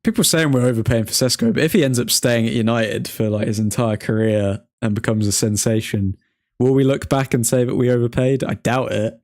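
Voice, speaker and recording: A man's voice: medium pitch, fairly even intonation, a little fast, darkish tone. A young man hosting a casual live stream, reading out updates and chatting with viewers, humming to himself while he scrolls. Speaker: livestream host reading transfer news.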